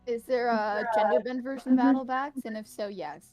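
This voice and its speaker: A woman's voice: on the high side, brisk, a little mellow, faint music behind. A young woman playing in a tabletop game, teasing and joking with the group. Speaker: player. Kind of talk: casual chat.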